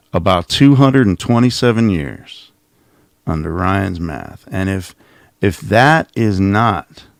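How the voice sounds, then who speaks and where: A man with a very low, gravelly voice hosts a casual commentary on clips. He mocks and teases, and his pitch swings widely as he talks. The sound is dry and close. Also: no room sound. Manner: mocking, sarcastic, thinks aloud with restarts. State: coughing. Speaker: host reacting to clips.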